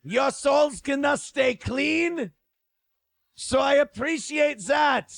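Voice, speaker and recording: A barking mock-German dictator, put on by a man, ranting and pleading in bombastic bursts. The voice sits high and strained, with a gravelly rasp under the shouting. It sounds close and dry, as if no room is around it. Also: expressive, slow, dry recording, heavily acted. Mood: mock shame. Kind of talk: comic impression on a livestream.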